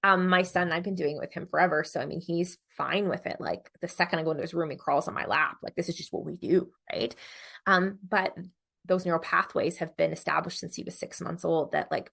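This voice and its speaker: A woman's voice: lowish voice, fairly even intonation, brisk, gravelly, fairly bright tone. A middle-aged woman giving a parenting webinar as a psychologist, chatty and informal, with many fillers and self-corrections.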